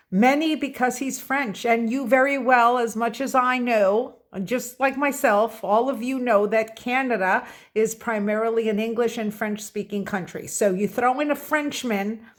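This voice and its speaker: An American woman giving opinionated political commentary in a vlog, talking straight to her viewers and stressing key words. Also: on the high side. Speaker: political vlogger.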